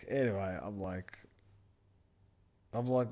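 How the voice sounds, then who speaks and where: A man's voice: mid-range voice, animated, normal speed, pauses often, darkish tone. A young man on a podcast, animatedly retelling a work story in casual, crude slang. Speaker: podcast co-host. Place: backyard.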